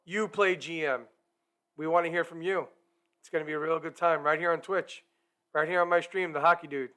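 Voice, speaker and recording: A man hosts a live hockey talk stream, upbeat and chatty as he speaks straight to the people watching. His voice sits a bit higher than most men's. He comes through a streaming microphone. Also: steady tone, fairly quick, bright, forceful tone. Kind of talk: casual live-stream chat.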